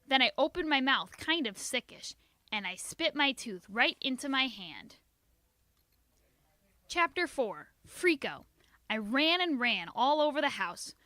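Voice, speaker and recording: A woman reading a children's book aloud in an expressive, sing-song storytelling manner. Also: high voice, a little slow, dry recording. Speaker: reader.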